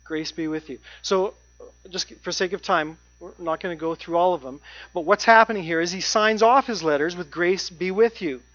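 A preacher giving a sermon, stressing key points by repeating phrases and slowing down on them. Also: medium pitch, fairly bright tone. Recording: dry, dull lo-fi sound.

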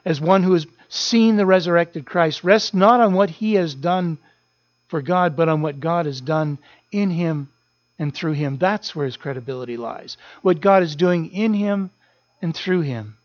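A man's voice: fairly high pitch, moderate pace, dry recording, lo-fi sound. A man preaching a sermon as a pastor, earnest, repeating key phrases for emphasis.

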